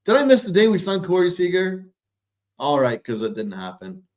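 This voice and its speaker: A man's voice: high-pitched, sing-song, moderate pace. Sarcastic, ranting male podcast host. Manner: sarcastic, exasperated, profane. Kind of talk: ranting sports commentary.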